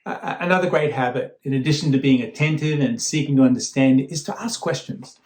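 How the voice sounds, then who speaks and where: A man giving a guest sermon in a relaxed, conversational way, often repeating words as he starts a thought. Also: medium pitch, brisk, reverberant. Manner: conversational, warm storytelling with frequent fillers and repeated starts. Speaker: guest speaker.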